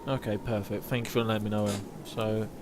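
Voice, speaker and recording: A man's voice: on the low side, flat delivery, brisk, a little mellow, a little hiss or hum. A young man chatting casually while streaming a video game, rambling and reading game text aloud. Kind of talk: casual live gameplay commentary.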